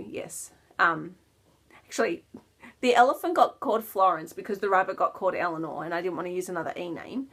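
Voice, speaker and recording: This knitting podcast host chats in a loose, rambling way, her medium-pitched voice slightly rough. She laughs self-deprecatingly and lets gentle asides fade nearly to a whisper.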